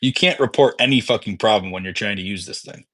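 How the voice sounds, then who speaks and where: A man's voice: on the low side, fast, a bit bright, no echo. A man co-hosting a casual sports podcast, telling rambling stories full of swearing. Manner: profane, rambling storyteller. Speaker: podcast co-host.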